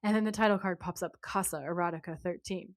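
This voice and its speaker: An American woman co-hosting a podcast, telling a story in an animated, casual way and laughing often. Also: on the low side, fast talker, no echo, clean studio sound. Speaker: podcast co-host. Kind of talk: casual recap chat.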